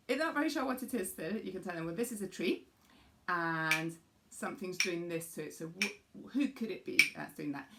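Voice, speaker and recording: A woman's voice: lowish voice, animated, brisk, a bit bright, slight background noise. A woman music teacher patiently explaining a rhythm game for young children and demonstrating the beats aloud.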